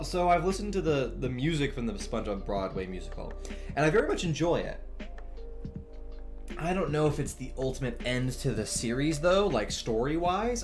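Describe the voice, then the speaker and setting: A young man in a relaxed, chatty mood, talking with his stream audience while he sketches. His voice sits at an ordinary pitch but moves around a lot, rising and falling as he goes, and he laughs easily between thoughts. A faint music bed plays under him. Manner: relaxed, chatty, laughs often, answers chat. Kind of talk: casual chat while drawing on stream.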